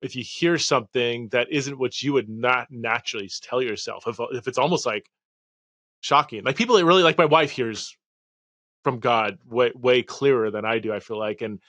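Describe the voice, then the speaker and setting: A man's voice: mid-range voice, moderate pace, fairly bright tone, no echo. A man hosting a podcast interview, thoughtful and a little hesitant as he asks questions. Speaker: podcast host.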